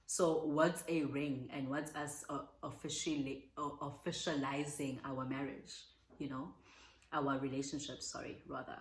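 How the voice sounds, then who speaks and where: In a very deep, steady, unhurried voice, a young South African woman chats sincerely through a viewer Q&A, sprinkling Zulu words throughout. The recording is poor, with an echoey room.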